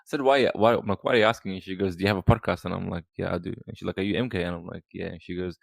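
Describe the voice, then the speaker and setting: A podcast guest, talking casually and rambling with lots of fillers and restarts. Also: male voice, sits low, little pitch movement, racing, gravelly, no room sound. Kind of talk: casual chat.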